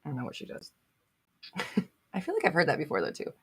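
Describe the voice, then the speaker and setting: A woman's voice: sits low, wildly swooping pitch, fast, breathy edge. A woman hosting a live question-and-answer stream, reading out viewer comments and answering them bluntly, with emphatic repetition, swearing and laughing at herself.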